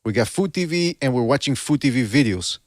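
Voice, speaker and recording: Animated man hosting a boxing podcast. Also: mid-range voice, fairly quick, no echo, studio quality. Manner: animated, repeats himself, rhetorical questions. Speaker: podcast host. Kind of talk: casual boxing podcast banter.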